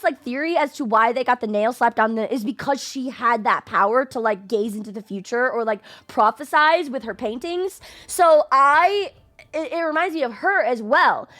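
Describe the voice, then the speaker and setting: High-voiced girl in her 20s streaming a game, super excitable, swears a lot, takes her time, faint music. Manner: excitable, gushing, full of fillers and swearing. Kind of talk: excited game playthrough reaction.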